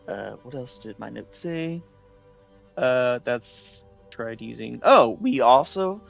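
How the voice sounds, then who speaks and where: A man's voice: mid-range voice, gravelly, dull audio. A man casually recapping the last session of a tabletop game, rambling with many fillers and restarts.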